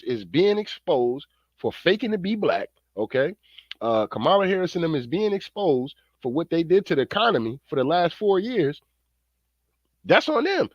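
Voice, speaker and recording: A man's voice: on the high side, no echo, dull audio. A man doing profane reaction commentary, slangy, rambling and fired-up. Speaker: online commentator.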